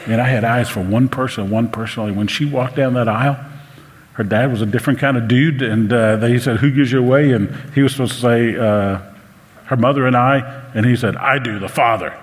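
A man's voice: medium pitch, a little fast. A man, preaching a sermon in a church and telling personal stories with earnest, emotional restarts. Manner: earnest storytelling, emotional, some stammered restarts. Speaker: pastor. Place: church sanctuary. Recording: live sermon with long hall reverb.

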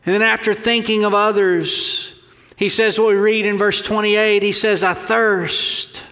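High-voiced preaching man in a reverberant hall. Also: flat delivery, pushed and bright. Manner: earnest, measured preaching. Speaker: pastor. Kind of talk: sermon.

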